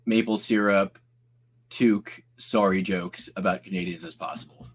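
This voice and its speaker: A man with a fairly low voice hosts a casual live stream. He rambles, restarts his sentences and laughs often as he chats along. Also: steady tone, moderate pace. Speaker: host.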